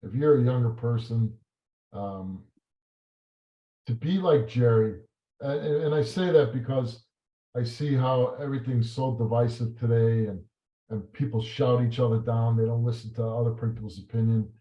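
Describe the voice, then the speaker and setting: A man in an interview, telling stories and reminiscing in a halting way, with many fillers and restarts. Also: mid-range voice. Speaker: talk show host as guest. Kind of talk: reflective interview answers. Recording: roomy and slightly dull sound.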